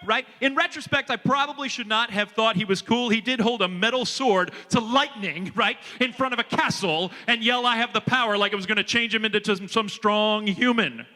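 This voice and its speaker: A man giving an energetic motivational leadership talk to students, drawing the audience in. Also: high voice, moderate pace, few pauses. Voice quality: energetic, animated and audience-engaging. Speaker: leadership speaker. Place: large hall with a student audience. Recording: reverberant hall with a long echo.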